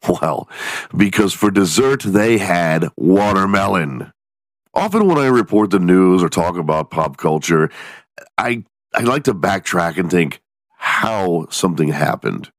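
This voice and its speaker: Man, very low voice, congested, nasal, sarcastic, crude, comedic host, dry recording. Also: expressive, unhurried, no room sound. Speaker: podcast host. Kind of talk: casual comedic news commentary.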